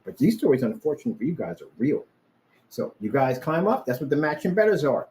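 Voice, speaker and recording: A man's voice: mid-range voice, quick pace, rough recording. A man giving a rambling, boastful vlog monologue, repeating himself as he talks. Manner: animated, boastful, repetitive. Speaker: vlogger.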